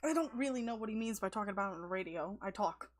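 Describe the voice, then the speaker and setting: A woman's voice: expressive, very fast. A woman hosting a casual livestream, chatting and giggling often and cooing at her pets. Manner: giggly, coos at her pets in a high baby voice. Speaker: livestream host.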